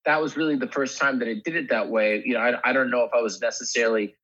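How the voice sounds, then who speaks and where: A husky, breathy male voice on a slightly dull, muffled recording. A guest actor in relaxed podcast conversation, he circles his thoughts and often restarts a phrase before finishing it. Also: mid-range voice, fast talker. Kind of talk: casual podcast chat.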